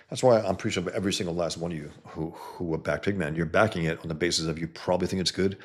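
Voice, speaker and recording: Blunt, profane man with a low voice. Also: fast talker, hardly any pauses, husky. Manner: blunt, profane, rambling with restarts. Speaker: livestream host reading chat. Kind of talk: casual livestream chat. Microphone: computer mic, no headset.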